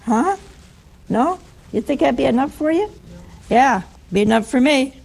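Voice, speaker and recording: A woman's voice: sits high, lively intonation, a little slow, gravelly, darkish tone, husky. A woman preaching a humorous sermon in a wry, teasing way, often putting questions to her listeners.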